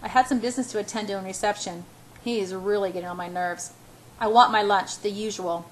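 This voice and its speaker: A woman's voice: medium pitch, fairly even intonation, quick pace, close to an everyday voice, rough recording. A woman reading the lines of an irritable male boss who talks abruptly and snaps. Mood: curt. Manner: abrupt, snapping.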